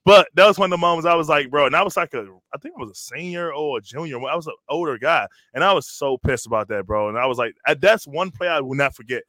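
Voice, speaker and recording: A man hosting a casual sports talk show who tells animated stories in slangy speech and keeps saying "bro". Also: on the high side, fast talker, hardly any pauses, no room sound, studio quality. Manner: animated storytelling, slangy, says "bro" constantly. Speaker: podcast host, former college lineman. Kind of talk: casual chat.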